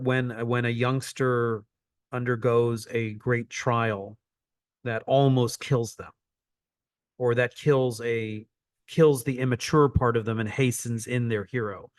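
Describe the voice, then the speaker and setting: A man's voice: medium pitch, level tone, slow pace, long pauses, no room sound, studio quality. A man coaching an online teaching session, repeating phrases for emphasis as he explains.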